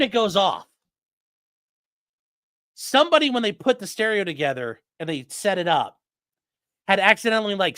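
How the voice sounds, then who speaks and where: Bright-voiced profane man in late 30s. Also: high voice, no room sound. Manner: profane, animated, gun jargon. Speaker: livestream host. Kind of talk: casual storytelling.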